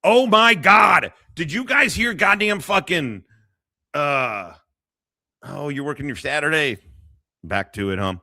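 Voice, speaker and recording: A man hosts a casual stream and rants in a crude, mocking way, laughing often. His voice is bright and fairly high, with lively jumps in pitch. The sound is dry and close, with no room echo. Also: takes it slowly, creaky. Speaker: streamer host. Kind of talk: profane casual livestream rant.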